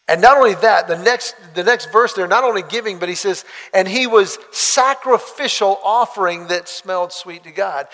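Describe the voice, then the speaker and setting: A man preaching a sermon, telling a story with lively acted-out dialogue. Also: high voice, big-room sound. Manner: animated storytelling, acts out quoted dialogue.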